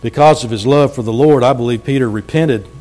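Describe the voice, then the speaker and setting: Man, pastor, sermon, earnest, emphatic pauses. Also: medium pitch, a little mellow.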